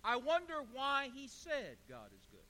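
A man's voice: very high voice, huge pitch swings, moderate pace, pushed and bright. A male pastor preaching a sermon, building emphatic repeated lists and calling the congregation to answer back. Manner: emphatic repetition, call-and-response with congregation. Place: church sanctuary. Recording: long reverb of a church hall.

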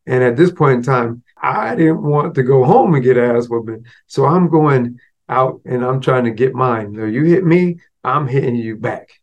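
A man's voice: mid-range voice, animated, normal speed, highs cut off. A man hosting a podcast, telling a personal story in a motivational way. He speaks casually, with frequent asides like "right?" and "you know.". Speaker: podcast host.

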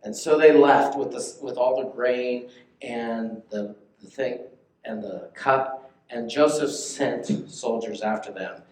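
A man's voice: mid-range voice, slow pace, a little mellow. A male pastor giving a conversational sermon, reading and explaining scripture and checking in with listeners. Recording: echoey room.

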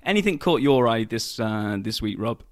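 A man in the host's chair of a casual podcast, speaking at a middle pitch. He is upbeat and keeps restarting his sentences. The sound is dry and close. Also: lively intonation, moderate pace, no room sound. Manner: upbeat, many fillers and restarts. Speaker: podcast host. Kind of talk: casual chat.

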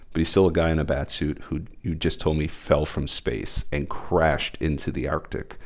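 A man's voice: extremely low pitch, vocal fry. A man hosting a podcast, giving a casual, rambling comic book review full of hesitations and fillers. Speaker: podcast host.

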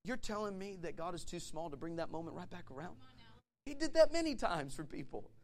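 A male pastor preaching a sermon, animated and conversational, asking the audience questions and acting out stories. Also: high voice, brisk. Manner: animated storytelling with acted voices and laughs.

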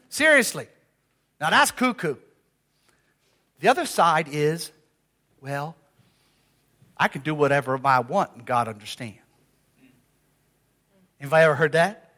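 Older male pastor, high-pitched, conversational sermon with call-and-response. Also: measured pace, pauses often. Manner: lively, conversational preaching with audience call-outs.

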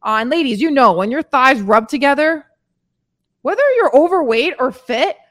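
A woman with a fairly high voice that swings widely in pitch, speaking as a weight-loss coach in a casual motivational podcast. She talks candidly and chattily, addressing her listeners as ladies and letting the odd swear word slip. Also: lively intonation, normal speed.

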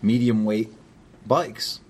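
A man's voice: fairly low pitch, takes it slowly, breathy edge. A man chatting casually as a podcast host, telling stories with lots of energy and swearing freely. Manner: animated storyteller, swears freely. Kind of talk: casual chat.

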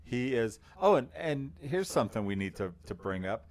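A man co-hosting a podcast with a baritone voice, telling a long story in a relaxed, rambling way with lots of fillers. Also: moderate pace. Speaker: podcast co-host. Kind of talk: casual chat.

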